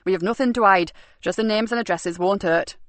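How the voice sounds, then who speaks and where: A woman's voice: mid-range voice, fairly quick, no echo, lightly acted. A woman voicing a mild, absent-minded middle-aged man who designs websites, open and matter-of-fact. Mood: calm.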